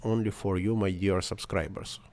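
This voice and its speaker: Man giving a halting non-native tutorial. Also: low-pitched, steady tone, gravelly, a little mellow. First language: not English. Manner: halting non-native English, thinking aloud, self-correcting. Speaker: 3D software tutorial maker. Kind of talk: screen-recorded software tutorial.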